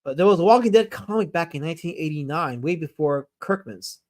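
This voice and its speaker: A man's voice: on the high side, lively intonation, a little fast. Chatty enthusiastic male streamer. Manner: rambling, enthusiastic, with frequent fillers and self-corrections. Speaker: streamer host. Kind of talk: casual live-stream chat reading viewer comments.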